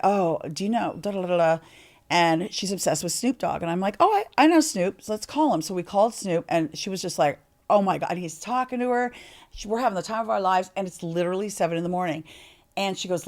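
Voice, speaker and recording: Chatty, candid woman swearing freely. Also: fairly low pitch. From Canada. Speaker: podcast guest. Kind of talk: candid interview storytelling.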